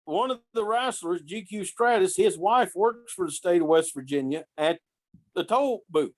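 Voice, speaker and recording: A man telling road stories casually as a podcast guest, lively and acting out the voices of the people he quotes. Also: high-pitched, moderate pace, no room sound. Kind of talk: casual storytelling.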